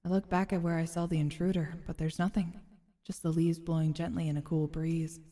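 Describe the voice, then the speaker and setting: A woman streamer reads a story game's narration aloud in a measured, expressive way and adds casual comments. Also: sits low, long reverb tail. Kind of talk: reading game narration aloud with casual asides.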